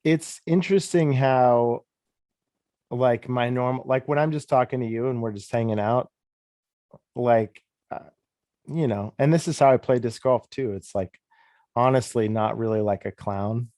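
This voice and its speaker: A man in his thirties, a disc golf commentator, telling stories in a relaxed, rambling, self-deprecating way during a casual interview. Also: mid-range voice, moderate pace, no echo, clean studio sound. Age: 30s.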